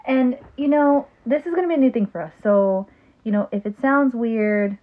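A woman co-hosting a casual podcast with her sister, chatty and quick to laugh, with plenty of ums. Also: fairly high pitch. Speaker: podcast co-host. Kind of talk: casual chat. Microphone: phone. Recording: phone-like narrow sound.

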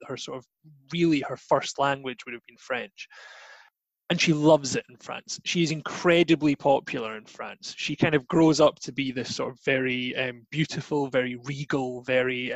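A Scottish man explains history in a chatty, relaxed way. He hedges a lot and fills pauses with "um". His voice sits mid pitch, and the recording is dry. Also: dry recording, low-quality recording. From Scotland. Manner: chatty, many hedges and fillers. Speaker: guest teacher.

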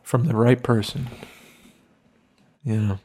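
Man, podcast co-host, earnest and supportive, casual swearing, middle pitch. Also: fairly even intonation, slow, warm tone.

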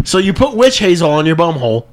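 Male podcast co-host; teasing, prodding, animated pitch, light background hiss. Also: quick pace. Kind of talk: crude casual banter.

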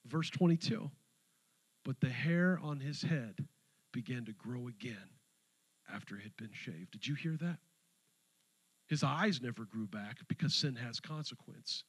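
A man preaching a sermon to his church, animated, going from loud exhortation to hushed storytelling. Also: mid-range voice, measured pace, long pauses, slightly rough, rough recording. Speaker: pastor.

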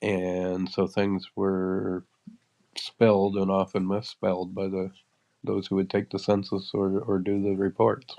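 A man with a head cold and a congested, stuffy voice, hosting a live audio chat room in a relaxed, rambling way. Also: sits low, measured pace, vocal fry. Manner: relaxed, rambling host patter. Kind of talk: casual chat. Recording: dull lo-fi sound.

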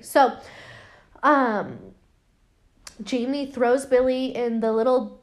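Young female podcast host, slightly high pitch, loose chatty recap delivery with fillers. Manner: chatty, lots of fillers, swears, acts out quotes. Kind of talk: casual film recap.

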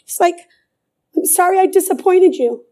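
Fervent high-voiced woman preaching. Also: normal speed, warm tone. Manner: fervent, repeats phrases for emphasis. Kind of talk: sermon.

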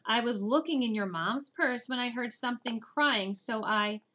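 Woman reading little girl, cheeky, stubborn, defiant, bright, audiobook character. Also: a little high, moderate pace. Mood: petulant. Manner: petulant, defiant.

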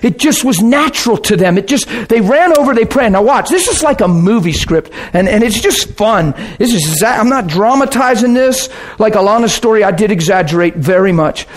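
A man's voice: high-pitched, animated, fairly quick, few pauses. A man preaching a sermon, telling healing stories and acting out scenes with gasps and laughter. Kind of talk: sermon storytelling.

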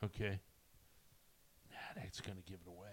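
A man's voice: low voice, flat delivery, moderate pace, breathy edge, no echo. A middle-aged man hosting a casual movie chat, rambling with many ums and restarts. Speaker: podcast host.

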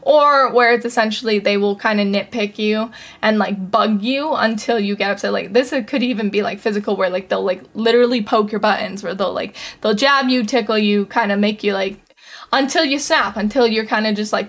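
A woman's voice: medium pitch, brisk. A young adult woman hosting a casual solo podcast, chatty and sarcastic, with lots of "like". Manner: chatty, sarcastic, heavy use of "like". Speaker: podcast host.

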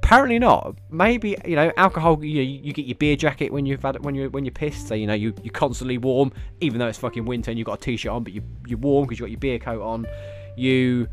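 A man, hosting his own podcast and rambling through stories, swearing constantly and getting animated. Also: medium pitch, quick pace, hardly any pauses, faint music behind. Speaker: podcast host. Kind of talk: casual solo podcast chat.

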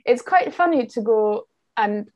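A woman's voice: a little high, animated, a little slow, darkish tone, no echo, highs cut off. A woman from Austria, a native German speaker, chatting in an interview as a podcast guest in a friendly, thoughtful way with small restarts. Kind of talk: casual interview chat.

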